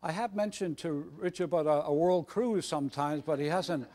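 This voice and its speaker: A man's voice: on the high side, moderate pace, mellow. A man preaching a sermon in a jovial, conversational way with frequent restarts. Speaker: guest preacher.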